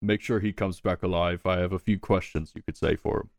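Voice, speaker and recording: A man voicing a calm, deep-voiced guildmaster. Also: gravelly, dry recording, clean studio sound. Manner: measured, mildly hesitant. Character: calm male guildmaster on a skull throne.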